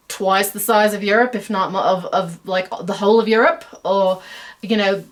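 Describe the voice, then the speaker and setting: A middle-aged American woman with a fairly high voice hosts her own web series using a put-on Australian accent. She rambles chattily through a stream-of-consciousness monologue packed with fillers and self-deprecating asides.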